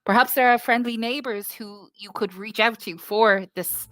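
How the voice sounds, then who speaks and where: A woman's voice: a little high, steady tone, normal speed, fairly bright tone, no echo, lightly acted. A woman voicing a formal, insistent noblewoman in a tabletop game. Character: proud, formal young noblewoman.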